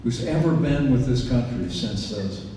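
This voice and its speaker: A man's voice: medium pitch, lively intonation, measured pace, background noise. A man in his sixties from Indiana giving a campaign speech, telling earnest stories with folksy asides. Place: event venue, large indoor room. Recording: echoey hall, distant mic.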